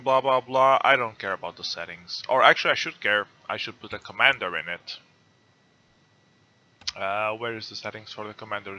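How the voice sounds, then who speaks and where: A man's voice: lowish voice, pushed and bright. A man speaking English as a non-native speaker, hosting a casual gaming chat over an online call, hesitant and thinking aloud as he reads rules. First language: not English. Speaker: host.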